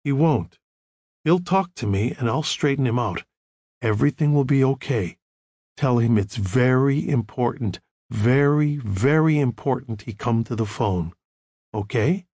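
A man voicing a calm, controlled counselor who gives quiet, measured instructions. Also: medium pitch, breathy edge, dry recording, studio quality. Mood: gentle.

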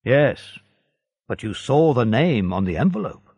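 A man's voice: mid-range voice, sing-song, measured pace, vocal fry, a little mellow, no echo, clean studio sound, full character voice. A man voicing a stern, secretive male judge who gives clipped orders.

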